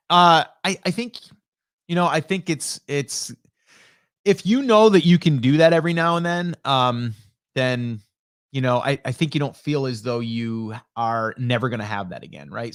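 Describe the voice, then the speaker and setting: A man's voice: mid-range voice, fairly bright tone, clear, resonant tone, dry recording, studio quality. A middle-aged man hosting a live stream, chatting casually with lots of fillers and restarts, now and then reading viewer comments aloud. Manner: rambling, many fillers and restarts. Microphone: studio dynamic microphone.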